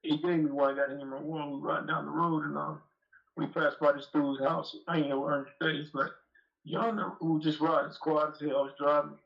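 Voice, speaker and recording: A man's voice: fairly high pitch, little pitch movement, brisk, vocal fry, dull audio. A man telling a long, profane, rambling story on a live call-in show. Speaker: guest dog breeder.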